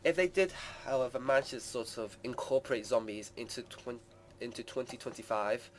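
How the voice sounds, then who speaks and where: A man's voice: medium pitch, brisk, a little hiss or hum. A man hosting a gaming channel, giving live gameplay commentary in a rambling way full of hedges and fillers. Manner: rambling, hedging with many "sort of" and "like".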